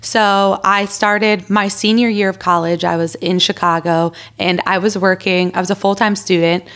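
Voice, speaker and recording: A woman's voice: mid-range voice, moderate pace. A woman in her thirties, a podcast guest telling stories in casual conversation and acting out what people said. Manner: animated, acts out quoted dialogue. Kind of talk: casual interview storytelling.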